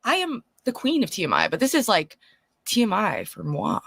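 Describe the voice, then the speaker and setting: A woman streamer dishes on online drama in a gossipy, exclamatory way. Her pitch swings widely as she talks. The sound is dry and close. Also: wildly swooping pitch, normal speed, gravelly, fairly bright tone, breathy edge, no echo. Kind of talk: casual commentary.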